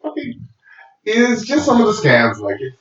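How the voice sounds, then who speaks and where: A man's voice: sits high, wildly swooping pitch, a little slow. A man co-hosting a podcast in casual chat, indignant and swearing often. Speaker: podcast co-host. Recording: echoey lo-fi room.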